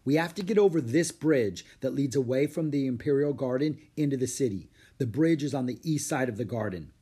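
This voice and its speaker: A man's voice: medium pitch, expressive, brisk, mellow, breathy edge. A man voicing a cautious, earnest young boy in a storybook. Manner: earnest and worried.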